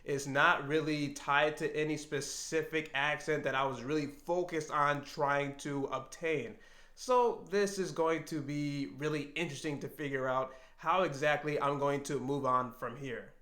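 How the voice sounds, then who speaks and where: A man's voice: on the high side, fairly even intonation, a little slow, bright, forceful tone, roomy sound. A man hosting his own channel, talking candidly and reflectively to camera from home about his doubts. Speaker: language learner and channel host. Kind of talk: solo talk to camera.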